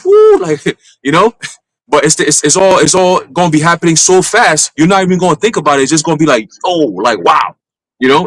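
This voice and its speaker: A man teaching at a live church gathering, talking in a casual, animated way with street slang. His voice sits a little high for a man. He stumbles and restarts often while he makes his point. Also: dry recording, rough recording. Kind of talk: informal sermon.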